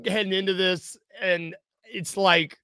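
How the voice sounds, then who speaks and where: A man's voice: high-pitched, fairly even intonation, unhurried, bright, forceful tone, clean tone, no echo. A man co-hosting a podcast in casual chat, rambling with fillers and laughing easily. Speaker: podcast co-host.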